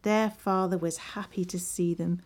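A woman narrating a children's storybook in an expressive, lively way. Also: lowish voice, normal speed.

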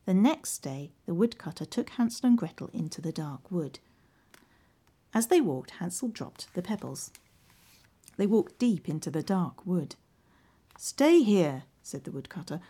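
A woman narrating a children's storybook in an expressive, lively way. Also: fairly low pitch, moderate pace, breathy edge.

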